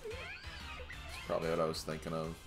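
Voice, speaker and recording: A man's voice: sits low, huge pitch swings, moderate pace, gravelly, music in the background. A man streaming a game, giving casual commentary as he plays. He thinks aloud and chuckles at his own remarks.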